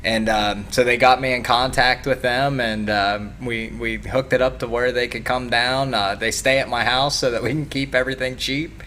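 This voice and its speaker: A man's voice: mid-range voice, steady tone, moderate pace, hardly any pauses, pushed and bright, a little hiss or hum. A man who coaches youth wrestling, talking casually as a guest on a morning TV show, laid-back and full of fillers. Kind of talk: casual TV interview.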